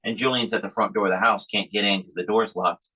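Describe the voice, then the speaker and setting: Low husky guy hosting a podcast, bright tone, rambling family story. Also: fairly even intonation, fast, poor audio. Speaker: podcast host. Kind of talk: casual chat.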